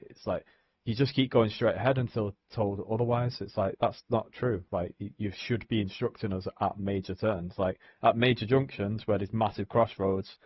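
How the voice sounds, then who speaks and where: A man's voice: fairly low pitch, slightly rough, no room sound, highs cut off. A young man, ranting casually on a live stream, swearing and saying "like" a lot. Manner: frustrated ranting, heavy swearing, many "like"s. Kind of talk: casual chat.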